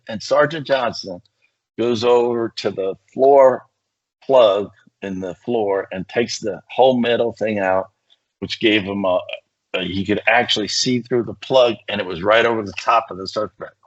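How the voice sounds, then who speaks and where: An older man, a retired police negotiator, telling animated stories in casual conversation and acting out the people he quotes. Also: fairly low pitch. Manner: animated anecdotes, acts out quoted voices. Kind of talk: casual storytelling. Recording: muffled lo-fi sound.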